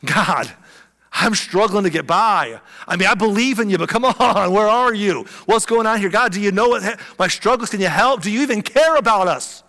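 Brief: preacher doing a worn-out, guilt-stricken fisherman pleading in a reverberant hall, slightly high voice. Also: animated, normal speed, few pauses, a bit bright. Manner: pleading, self-reproaching. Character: Simon Peter, a weary and ashamed adult fisherman. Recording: long reverb of a large hall.

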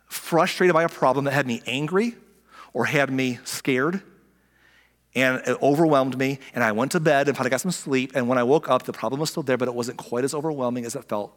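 A middle-aged male pastor preaching with an ordinary mid-range voice. He is animated, jumps up high to act out the voices of his listeners, and then sinks to soft near-whispers to drive a point home. The sound carries a long reverb, as if in a large church hall. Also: a little fast. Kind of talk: sermon.

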